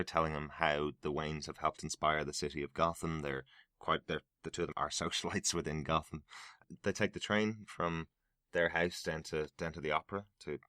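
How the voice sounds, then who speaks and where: A man's voice: very deep voice, sharp tone, no room sound, studio quality. A man co-hosting a film review podcast, explaining scenes in an earnest, agreeable way. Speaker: podcast co-host. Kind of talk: casual film review chat.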